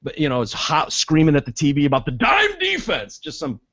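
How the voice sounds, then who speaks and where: A man hosting a podcast, telling stories in a casual, profane, animated way. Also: fairly high pitch, a little fast, no room sound, lo-fi sound. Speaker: podcast host. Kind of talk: casual chat.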